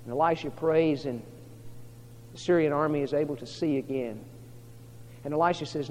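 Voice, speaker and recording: A man preaching a sermon, telling a story dramatically as he swings from hushed to loud. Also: on the high side, moderate pace, pauses often, slight background noise. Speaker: pastor. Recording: reverberant hall, dull lo-fi sound.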